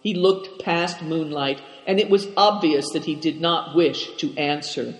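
A man's voice: on the high side, fairly even intonation, measured pace, a bit bright. Man reading a story in an echoey room. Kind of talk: scripted narration.

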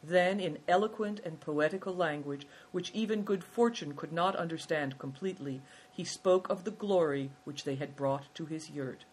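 A narrator reading a storybook aloud in a measured, steady way. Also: mid-range voice, husky, poor audio.

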